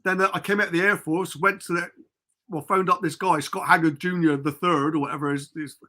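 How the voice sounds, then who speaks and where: Chatty middle-aged man, bright forceful voice. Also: fairly high pitch, steady tone, brisk. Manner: rambling storyteller, chatty and informal. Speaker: podcast guest. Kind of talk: casual chat. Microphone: remote call.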